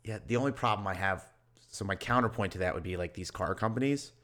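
A man co-hosts a podcast in easygoing chat. His voice sits on the low side, and he rambles, hedging and stacking up filler words as he thinks aloud. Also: quick pace, a bit bright. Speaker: podcast co-host. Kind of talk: casual chat.

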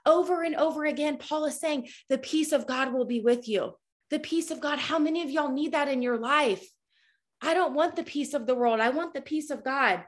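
A woman in her thirties giving a fervent, preachy faith talk to her followers, at times nearly yelling. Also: high voice. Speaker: Christian speaker. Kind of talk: impassioned faith talk to a social media audience.

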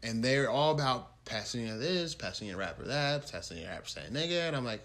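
Man, casual storyteller, slangy, animated, laughs often. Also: mid-range voice, fast talker.

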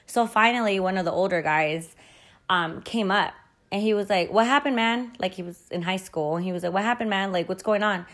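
A woman's voice: mid-range voice, brisk, a bit bright. A young woman hosting a podcast, telling a childhood story in a casual, chatty way, full of fillers and quoted dialogue, with casual swearing. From Mexican-American family. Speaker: podcast host.

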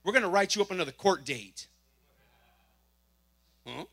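A man giving a church testimony, telling his story with lively acted-out dialogue. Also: high voice, normal speed. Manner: animated storytelling, acting out dialogue. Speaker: testimony speaker.

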